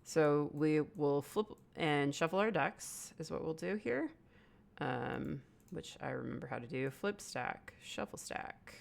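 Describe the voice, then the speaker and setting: A woman running a tabletop role-playing game as game master, chatty and relaxed, thinking aloud as she explains the rules. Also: sits low, a little slow, gravelly.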